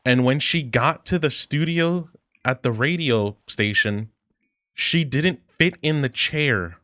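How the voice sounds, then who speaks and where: A man's voice: mid-range voice, slow, fairly bright tone, no room sound, clean studio sound. A man livestreaming while gaming, chatting casually, reading chat aloud and reacting in a rambling, profane way.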